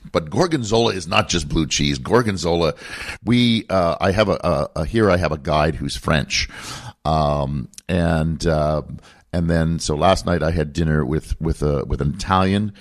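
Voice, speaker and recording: A middle-aged man, a podcast co-host, chatting casually and telling relaxed stories. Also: very deep voice, moderate pace. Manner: relaxed, storytelling. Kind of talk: casual chat.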